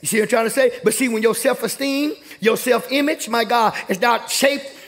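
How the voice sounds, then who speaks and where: A young man preaching a sermon in a church, calling out to the congregation and rising to shouts. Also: extremely high pitch, moderate pace, vocal fry. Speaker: pastor. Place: church sanctuary.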